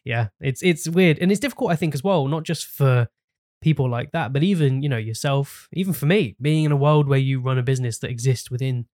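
A man's voice: medium pitch, a little fast, darkish tone, dry recording, clean studio sound. A man hosting a casual podcast interview, easygoing and agreeable, often hedging with fillers as he talks. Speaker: podcast host.

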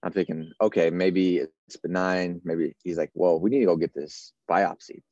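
A man's voice: deep voice, fairly even intonation, normal speed, darkish tone, no room sound, highs cut off. A man in his thirties, a firefighter, telling a long personal story casually and acting out the exchanges he had with the people around him. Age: 30s. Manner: casual, run-on retelling with many quoted exchanges. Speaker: firefighter guest. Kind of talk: storytelling in an interview.

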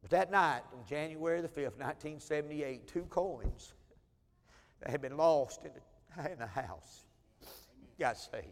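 A male preacher with a drawl tells his testimony in a folksy, storytelling way. His voice sits high for a man, and his volume rises and falls sharply. The sound carries a long reverb from a large hall. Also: lively intonation, measured pace, long pauses. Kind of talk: sermon storytelling.

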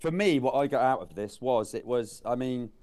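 A man chatting about a film, halting and restarting his words. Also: mid-range voice, animated, a little mellow, no room sound. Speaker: film reviewer. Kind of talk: casual chat.

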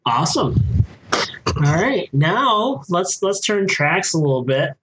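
Male podcast host, bright questions, slightly raised voice, noticeable background noise. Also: high voice, very animated, slow pace. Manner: upbeat, steering questions. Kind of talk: casual podcast chat.

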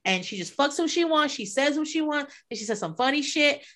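Brief: female podcast co-host, profane, laughs a lot, slightly high pitch. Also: animated, brisk, fairly bright tone. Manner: profane, blunt, laughing often. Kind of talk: casual chat.

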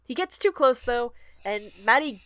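A woman's voice: fairly high pitch, lively intonation, measured pace, fairly bright tone, no room sound. A woman co-hosting a podcast, summarizing a book chapter in a casual chat and often laughing. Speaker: podcast co-host recapping a book.

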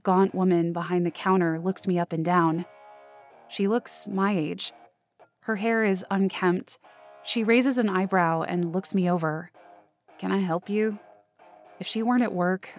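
A woman's voice: lowish voice, steady tone, moderate pace, soft background music. A woman reading first-person scripted narration for a fiction podcast, in a close, anxious inner-monologue manner.

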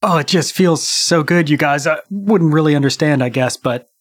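A man's voice: fairly high pitch, moderate pace, dry recording, clean studio sound, natural voice. A man voicing a laid-back, sheepish male drug user in a tabletop game, talking loosely and evasively.

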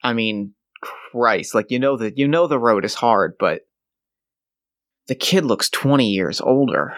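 A man serving as game master, narrating an improvised scene in a halting, rambling way. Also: medium pitch, lively intonation, fairly bright tone, no echo, clean studio sound.

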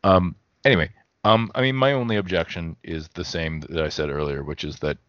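A man's voice: low-pitched, steady tone, fairly quick, fairly bright tone, no echo, dull audio. A man co-hosting a podcast in casual chat, thinking aloud and correcting himself as he goes. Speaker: podcast co-host.

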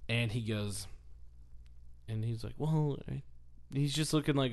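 Animated male podcast storyteller. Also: mid-range voice, unhurried, pauses often. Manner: animated storytelling, acting out quotes. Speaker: podcast host. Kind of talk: casual podcast chat.

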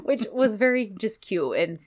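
A woman's voice: mid-range voice, a little slow. A woman co-hosting a casual podcast, recapping a TV series and acting out the characters' lines as she retells scenes. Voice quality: animated, acts out characters' lines while retelling. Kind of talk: casual chat.

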